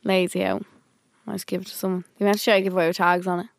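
A woman's voice: on the low side, little pitch movement, rapid-fire, no room sound. A young woman co-hosting a podcast, blunt and offhand, swearing casually in chat. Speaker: podcast co-host.

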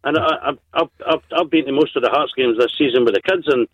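A man's voice: medium pitch, fast talker, no room sound. A man phoning in to a football radio show, hesitant and stumbling over his words. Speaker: caller. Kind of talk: phone-in call. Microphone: phone. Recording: tinny phone line.

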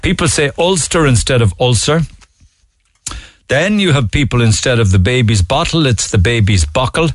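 A man's voice: mid-range voice, expressive, normal speed, dry recording. A man with a Cork Irish accent hosting a talk radio show, reading listener texts in a chatty, amused way. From Ireland. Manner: chatty, amused, often laughing. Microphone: studio microphone.

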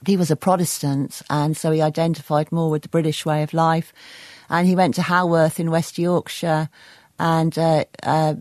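Thoughtful low-voiced woman novelist. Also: level tone, normal speed, darkish tone, no echo. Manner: thoughtful, hesitant with many fillers. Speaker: novelist guest. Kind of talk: radio interview chat.

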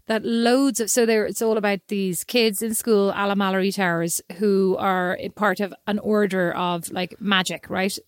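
Irish woman, 30s, animated storyteller, dry close mic, middle pitch. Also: normal speed, few pauses, no echo. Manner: animated storyteller, acts out quotes. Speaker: podcast co-host. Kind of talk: casual chat.

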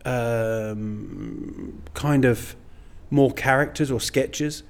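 Gravelly and extremely slow, this middle-aged comedian's medium-pitched voice meanders through a casual interview, self-deprecating and peppered with "you know"s.

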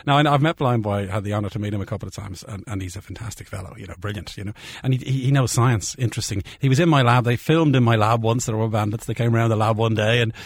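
A man talks at a brisk clip with a lowish, husky voice, eagerly repeating himself as he chats. The sound is close and dry. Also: dry recording. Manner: enthusiastic, repeats words, laughs often. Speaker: scientist guest. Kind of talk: casual radio-style chat.

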